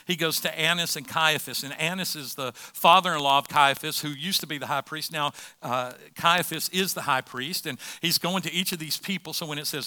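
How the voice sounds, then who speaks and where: A man's voice: fairly high pitch, bright, forceful tone, no echo. A man preaching a sermon as pastor, conversational, with rhetorical questions.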